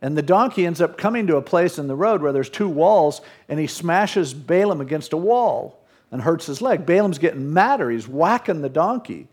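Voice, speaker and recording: A man's voice: on the high side, lively intonation, moderate pace, a little mellow, husky. A male pastor preaching a sermon, retelling scripture in casual modern speech.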